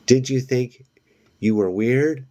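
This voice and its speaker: A man's voice: medium pitch, slow, warm tone, pitched above the performer's own voice, natural voice. A man reading aloud and voicing a fearless, teasing young girl from a storybook, raising his voice into a pushy, upbeat tone. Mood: bossy.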